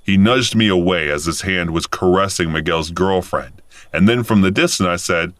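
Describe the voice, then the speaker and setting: A man in his thirties narrating a first-person story in a calm, matter-of-fact way. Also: sits low, normal speed, no room sound. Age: 30s.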